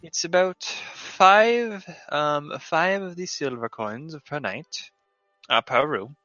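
A man voicing a white rabbit innkeeper in a tabletop game, quoting room prices slowly in a dull, lo-fi recording. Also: fairly high pitch, lively intonation, pushed and bright, no room sound, faint music behind, voice pushed up, heavily acted. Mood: businesslike.

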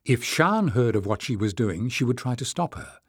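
A man narrating a fantasy novel in a measured, expressive storytelling manner. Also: mid-range voice, husky, no echo, clean studio sound. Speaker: audiobook narrator. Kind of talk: scripted narration.

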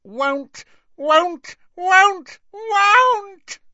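A man voicing a spiteful old male house elf with a croaking voice, in a dry, slightly dull recording. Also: extremely high pitch, animated, drawn-out words, bright, forceful tone, dry recording, voice pushed up, heavily acted. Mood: screaming. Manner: stubborn, repetitive chanting.

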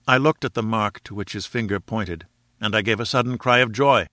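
A man narrating an adventure novel in a measured storytelling manner. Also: lowish voice, pushed and bright, no echo, clean studio sound. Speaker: audiobook reader. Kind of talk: scripted narration.

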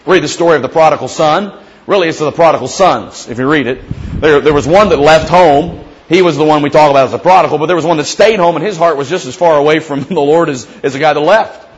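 A man's voice: a little high, fast talker, muffled recording. A man preaching a sermon as a pastor in a conversational, storytelling way, often acting out the prayers he quotes. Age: young adult or middle-aged father.

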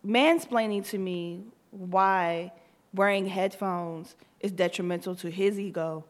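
A woman in her thirties, co-hosting a podcast, telling a story in casual chat with lively acted-out quotes. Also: mid-range voice, slow pace. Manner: animated, tells stories with acted-out quotes. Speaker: podcast co-host.

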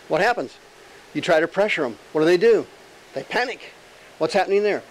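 A male pastor preaching an animated, emphatic sermon full of rhetorical questions and jokes. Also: sits high, a little fast, low-quality recording.

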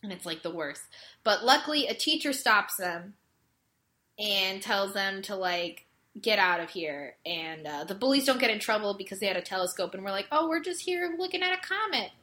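A woman's voice: mid-range voice, expressive, moderate pace, bright, forceful tone. A woman retelling a show's episode in casual chat, exasperated and full of fillers. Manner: exasperated, filler-heavy storytelling. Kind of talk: casual chat recapping a show.

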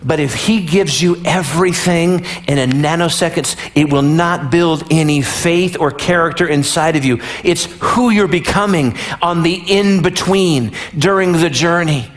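Man, high-pitched, pastor, casual sermon, rhetorical questions, joking asides. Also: unhurried, hardly any pauses.

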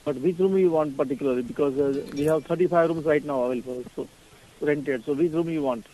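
A motel desk clerk, a man, answers in a somewhat high, mellow voice. He is polite and formal, but his comes out halting as he searches for words. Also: rough recording. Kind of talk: phone conversation.

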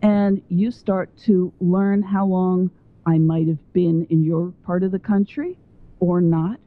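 Woman on a phone-in, kinda low voice, rambly and chatty, tinny line. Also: fairly even intonation, takes it slowly, no room sound. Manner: talkative and digressive. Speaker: guest author. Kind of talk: phone interview.

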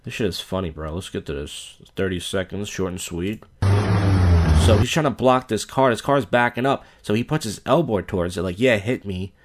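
A man's voice: sits low, moderate pace, a little hiss or hum. A man from Philadelphia hosting a reaction video, giving blunt, crude, casual commentary over clips.

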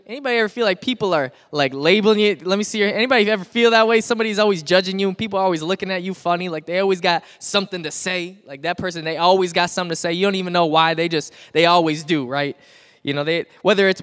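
A young man preaching a youth sermon in a church, telling stories in a playful, animated way with asides to the crowd. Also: sits high, smooth. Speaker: youth pastor. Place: church sanctuary.

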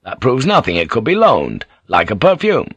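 A man's voice: medium pitch, huge pitch swings, normal speed, fairly bright tone, slightly rough, no room sound, highs cut off, heavily acted. A man reading an audiobook, voicing an earnest, plain-spoken English sea captain who is serious and weary.

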